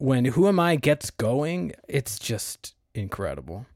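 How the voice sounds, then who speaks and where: A man's voice: medium pitch, sing-song, slow, darkish tone, no room sound. Enthusiastic man, dry close sound. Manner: enthusiastic, hedging with fillers. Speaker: podcast co-host. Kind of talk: casual film discussion.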